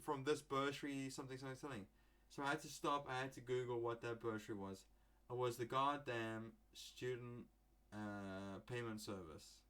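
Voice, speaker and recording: A man's voice: medium pitch, a bit bright. Young guy from england rambling on his podcast, swears a lot, jokey tangents, normal mid voice. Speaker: podcast host. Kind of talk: casual solo podcast monologue.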